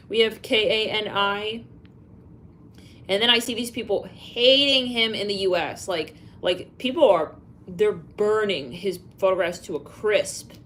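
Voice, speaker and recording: A woman's voice: mid-range voice, slow pace, pauses often, a bit bright, a little hiss or hum. A woman doing a live psychic reading, musing aloud, spelling out letters and names, with sighs and fillers. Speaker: psychic reader.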